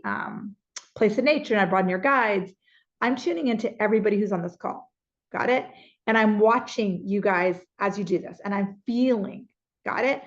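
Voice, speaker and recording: A woman spiritual teacher leading a slow guided visualization, then explaining it to an audience in the room and online. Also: medium pitch, gravelly. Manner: slow soothing guidance, then lively teaching. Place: spiritual center hall with online viewers. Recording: dull lo-fi sound.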